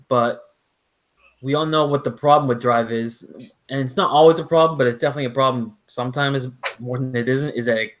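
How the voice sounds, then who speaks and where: A man's voice: medium pitch, fairly bright tone, poor audio. A man hosting a casual live stream over a call, rambling with lots of fillers and restarts. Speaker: host.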